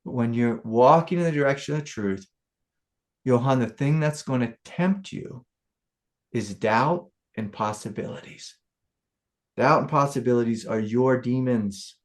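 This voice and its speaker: A man, a spiritual teacher, giving a casual satsang talk to a student, telling stories in a loose, animated way. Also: mid-range voice, measured pace.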